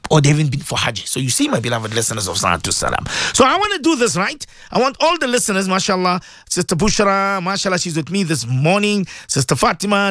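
A lively man hosts a morning religious radio show. His voice sits high and swings widely in pitch as he acts out other people. The sound is dry and close to the mic. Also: no echo. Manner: animated, acts out callers' voices, heavy religious phrases.

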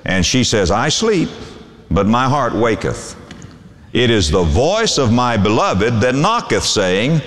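A man's voice: medium pitch, big pitch swings, unhurried, fairly bright tone. A man preaching a sermon as pastor, reading scripture aloud in old English and swinging his voice up and down for emphasis. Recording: long hall reverb.

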